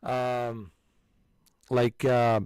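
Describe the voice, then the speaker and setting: A man in his forties chatting casually as a channel host, animated and emphatic, restarting his sentences often. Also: mid-range voice, extremely slow, clean tone, no echo, studio quality. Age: 40s. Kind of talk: casual chat.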